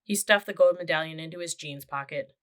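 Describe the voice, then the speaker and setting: A woman's voice: sits low, fairly quick, fairly bright tone. Woman reading a children's book aloud. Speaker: audiobook narrator. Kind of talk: children's audiobook narration.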